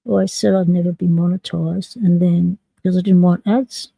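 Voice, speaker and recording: A woman's voice: fairly low pitch, creaky, dark tone, breathy edge, no room sound, rough recording. A woman from South Australia with an Australian accent, hosting a live stream and chatting casually with viewers while she picks locks. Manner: chatty, jokey, talks to chat while picking locks.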